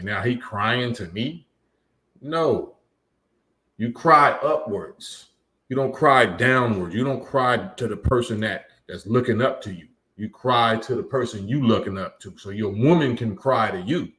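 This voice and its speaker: A man's voice: mid-range voice, unhurried, fairly bright tone. A man hosting a live stream, reading chat comments and lecturing emphatically, often repeating his points. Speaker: livestream host.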